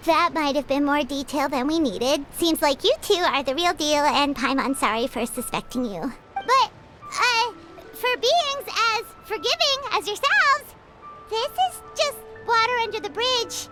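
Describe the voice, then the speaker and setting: A woman voicing a tiny, eager and excitable fairy-like companion in a video game, talking of herself in the third person. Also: extremely high pitch, unhurried, full character voice. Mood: sheepish. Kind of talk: game voice acting. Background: loud music.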